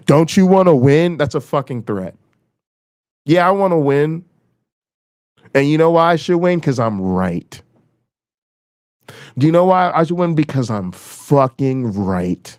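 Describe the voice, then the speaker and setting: A man hosting his own channel, delivering a heated, profane political rant and repeating lines for emphasis. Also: darkish tone. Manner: swings between raised emphasis and low, dropped delivery. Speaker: channel host. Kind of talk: impassioned political rant to camera.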